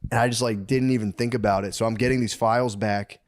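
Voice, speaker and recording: A man's voice: on the low side, steady tone, quick pace. A man co-hosting a podcast in casual chat, telling rambling, self-mocking stories. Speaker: podcast co-host.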